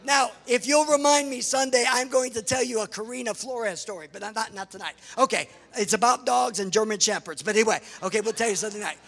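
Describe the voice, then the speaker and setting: A middle-aged American man, a pastor and missionary, telling lively stories with laughs and exclamations in a sermon to a congregation. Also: high voice, fairly quick, creaky, hardly any pauses. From United States. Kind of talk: sermon storytelling with slides. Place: large church hall before a congregation. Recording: reverberant church hall.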